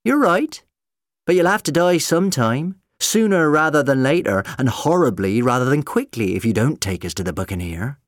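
A man's voice: medium pitch, expressive, normal speed, dry recording, clean studio sound, pitched above the performer's own voice, lightly acted. A man reading aloud, voicing a robot woman who cheerfully threatens murder. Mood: menacing. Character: menacing robot woman posing as cook.

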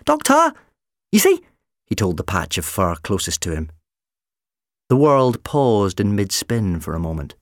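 A man narrating an audiobook with expressive storytelling. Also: low-pitched, a little slow, no echo, studio quality. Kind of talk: scripted narration.

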